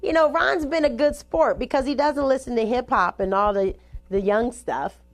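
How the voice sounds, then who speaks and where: A woman's voice: a little high, normal speed, no room sound. A woman hosting a radio show, talking casually to listeners with loose asides and self-corrections.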